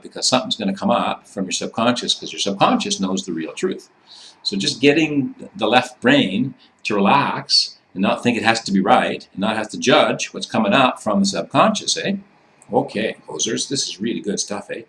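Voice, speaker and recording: A man's voice: on the low side, lively intonation, normal speed, a bit bright, slight background noise. A man teaching in a loose, casual way, swearing freely and ending many sentences with "eh". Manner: loose and profane, tags sentences with "eh". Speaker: instructor. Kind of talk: casual instructional talk.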